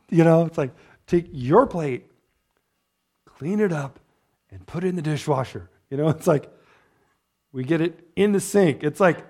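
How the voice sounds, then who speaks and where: Male pastor with a raised pitch, relaxed conversational preaching, keeps asking "right?". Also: fairly quick, pauses often. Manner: chatty, tags points with "right?" and "amen?". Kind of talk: conversational sermon. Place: church.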